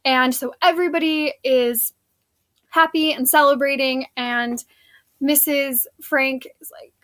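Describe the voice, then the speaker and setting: A woman's voice: sits high, fairly even intonation, measured pace, fairly bright tone. A woman teacher giving a casual, chatty recap of a play scene, filling her talk with "like" and "um.". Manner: chatty, lots of "like" and "um". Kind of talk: casual spoken lesson recap.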